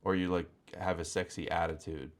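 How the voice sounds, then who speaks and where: A man's voice: sits low, little pitch movement, fairly quick. A man hosting a live-stream talk show, talking in a blunt, mocking, provocative way. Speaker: host.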